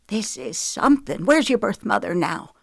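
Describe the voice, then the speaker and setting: A woman's voice: medium pitch, animated, normal speed, vocal fry, dry recording, clean studio sound, pitched above the performer's own voice. A woman doing a stern older grandmother. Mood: astonished. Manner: demanding, sharp, raised voice.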